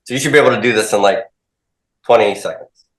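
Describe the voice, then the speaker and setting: Speaking fast in a lowish voice, this male teacher quizzes his class and repeats what students answer. The lecture runs on call-and-response drills, and the classroom sounds echoey.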